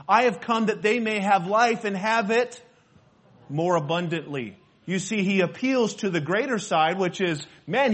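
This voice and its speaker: Man, pastor, sermon, high voice, husky tone, earnest, repeats himself. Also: fairly bright tone. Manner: earnest preaching, repeats phrases, quotes scripture.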